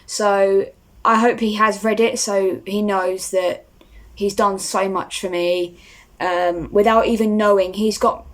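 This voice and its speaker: A young woman, talking casually to camera as a vlogger and rambling with lots of fillers. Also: medium pitch. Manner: rambling, starstruck, many fillers.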